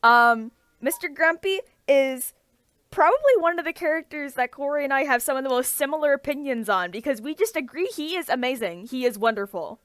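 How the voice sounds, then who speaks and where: A woman's voice: high voice, expressive, brisk, fairly bright tone, no echo. A woman co-hosting a casual chat, talking with eager enthusiasm and many restarts. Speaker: podcast co-host.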